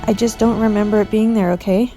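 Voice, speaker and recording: A woman's voice: medium pitch, steady tone, quick pace, over music. A woman hosting a casual vlog, talking in a rambling, earnest way and getting defensive toward critics. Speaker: video host.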